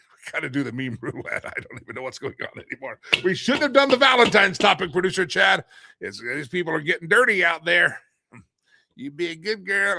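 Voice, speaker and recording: Bright-voiced, joking male talk show host. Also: medium pitch, no room sound, studio quality. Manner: joking, rambling, laughs often. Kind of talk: casual live-stream talk, reading viewer comments.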